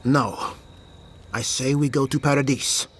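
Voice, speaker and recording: A man's voice: mid-range voice, steady tone, measured pace, a little hiss or hum, close to an everyday voice. An actor voicing an earnest, emotional man who argues for his people in a video game.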